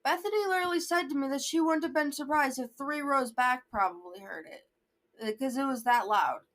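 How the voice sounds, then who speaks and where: Woman, young adult, high-pitched, rambling, self-interrupting, casual storytime vlog. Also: normal speed, a bit bright. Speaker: vlogger.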